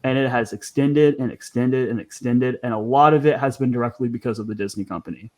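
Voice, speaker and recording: Guy hosting a podcast, mid-pitched voice, rambly casual chat full of ums. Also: fast talker, a little mellow. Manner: chatty, with frequent ums and restarts. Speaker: podcast host.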